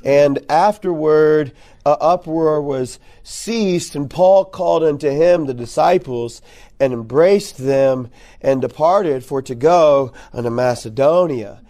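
A man imitating a dull old-style preacher who reads scripture in a slow, flat monotone. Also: a little high, pitched below the performer's own voice. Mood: droning.

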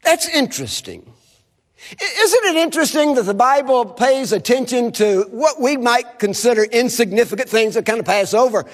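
A man preaching at a chapel service as a visiting speaker, animated and calling on the audience to repeat phrases after him. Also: very high-pitched, moderate pace, big-room sound. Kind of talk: sermon.

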